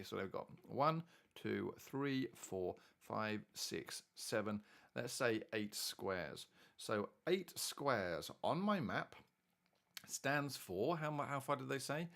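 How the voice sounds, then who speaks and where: Male maths tutor, lowish gravelly voice, chatty and animated, talks through each step aloud. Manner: chatty, thinks aloud while working problems. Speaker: maths teacher. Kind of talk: worked-solution maths tutorial.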